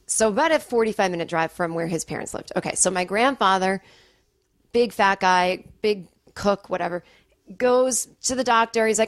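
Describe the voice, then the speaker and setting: Woman comedian, forties, Massachusetts-raised; animated podcast storyteller, mid pitch, dry close sound. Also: moderate pace, dry recording. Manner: animated, chatty storytelling with many "like"s. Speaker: guest comedian. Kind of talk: casual podcast chat. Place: home studio.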